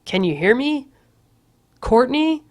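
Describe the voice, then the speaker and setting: A woman voicing a vain, impatient young man who calls back in loud, clipped shouts. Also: high-pitched, very animated, takes it slowly, no room sound, clean studio sound, pitched above the performer's own voice, exaggerated voice.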